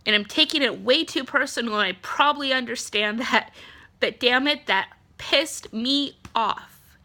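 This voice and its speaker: A woman in her thirties vents straight to camera, blunt and fed up, with plenty of ums and the odd curse. Her voice is stuffy and nasal from congestion, yet it comes across bright and crisp, sitting a little above the usual pitch for a woman. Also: unhurried. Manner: frustrated, blunt, swears, many ums. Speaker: vlogger, spouse of an ill partner. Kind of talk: casual venting monologue.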